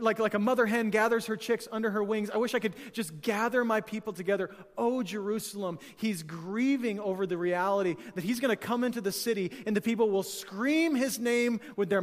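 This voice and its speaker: High-voiced pastor preaching in a reverberant hall. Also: male voice. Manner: conversational preaching with frequent fillers and repetitions; dynamic, swings from loud excited bursts to quiet earnest lows. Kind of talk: sermon. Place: church sanctuary.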